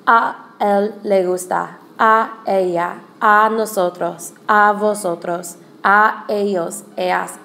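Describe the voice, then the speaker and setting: Slow, careful woman teaching grammar. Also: medium pitch, creaky, a bit bright. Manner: slow, careful explaining, repeats examples. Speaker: Spanish teacher. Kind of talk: recorded grammar lesson.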